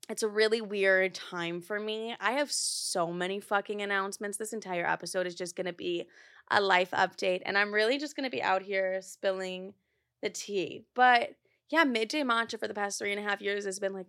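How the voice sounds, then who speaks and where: A woman's voice: medium pitch, fairly bright tone, smooth, no room sound. A woman in her twenties hosting a podcast from a studio, chatting candidly and swearing casually. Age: 20s. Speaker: podcast host. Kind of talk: casual chat.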